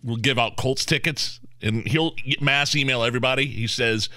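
A man co-hosting a radio show in a studio, animated and quick to laugh while he reads out news bits. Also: medium pitch, no room sound. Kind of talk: casual radio banter. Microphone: studio microphone.

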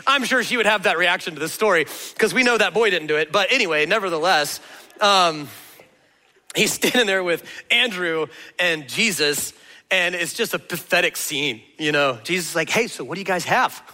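A man preaching a sermon as pastor, telling the story in an animated, conversational way. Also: sits high, moderate pace, in a large hall. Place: church auditorium.

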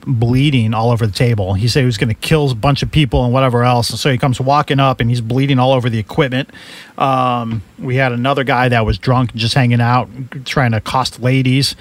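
A man on a video call, telling casual stories in an animated way and laughing through them. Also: medium pitch, fairly quick. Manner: animated storyteller, laughs through his anecdotes. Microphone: computer mic on a video call.

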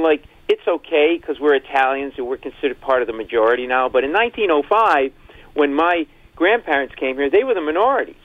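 A man's voice: on the high side, no echo, narrow, tinny audio. A male comedian telling rambling jokes as a guest in a casual radio phone interview. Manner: rambling, joking storyteller, frequent laughs.

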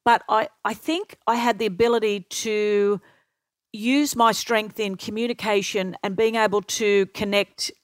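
A middle-aged woman telling lively anecdotes as an interview guest, acting out what others said. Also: medium pitch, a little slow, dry recording. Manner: lively anecdotal storyteller, acts out quotes. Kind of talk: storytelling interview.

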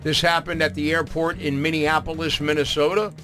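A man hosting a morning radio show, telling a story in a relaxed way and often repeating words. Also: on the high side, brisk, soft background music. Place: radio studio. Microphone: studio microphone.

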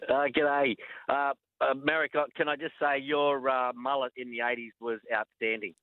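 A man's voice: medium pitch, flat delivery, normal speed, no room sound. An Australian man rings in to a radio show, hesitant and full of uhs as he spins his yarn. He comes through a thin, tinny phone line. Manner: hesitant, lots of uh, chuckles. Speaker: caller. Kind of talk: phone-in chat.

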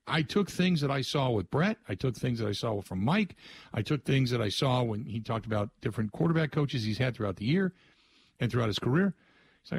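A man's voice: medium pitch, animated, fairly quick, vocal fry, slightly rough, no echo. A man hosting a sports radio show, telling rambling stories in a loose, conversational way and inviting listener calls.

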